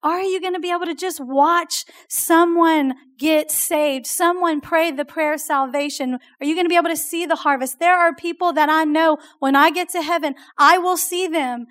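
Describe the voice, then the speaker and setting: A woman preaching a sermon to a youth group, telling stories in a chatty, animated way. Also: very high-pitched, normal speed, few pauses. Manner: animated storytelling, chatty with "like" and "oh my gosh".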